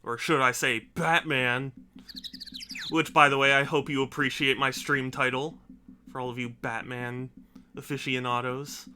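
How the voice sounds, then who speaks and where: A man's voice: medium pitch, level tone, a little slow, pushed and bright, a little hiss or hum. A man chatting casually with his viewers while streaming a game, stammering and joking at his own expense. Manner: self-deprecating, rambling, stammering.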